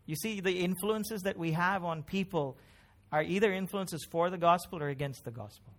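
High-voiced preacher. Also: male voice, normal speed. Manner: conversational, emphatic preaching with frequent tag questions. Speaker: pastor. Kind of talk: sermon.

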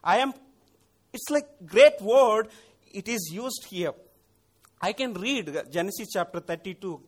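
Earnest high-voiced male preacher. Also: expressive, unhurried. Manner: earnest, emphatic preaching with pleading prayer passages. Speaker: pastor. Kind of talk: sermon.

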